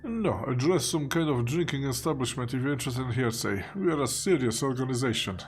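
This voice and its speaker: A man's voice: mid-range voice, expressive, brisk, soft background music, close to an everyday voice. A man voicing a pompous male city bureaucrat with a put-on British accent, reading game dialogue in an officious, self-satisfied way.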